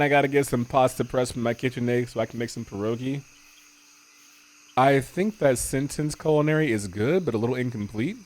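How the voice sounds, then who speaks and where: A man streaming a game, reading its narration aloud slowly and deliberately and breaking off for casual, jokey asides to his chat. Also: medium pitch, a little mellow. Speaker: gaming streamer.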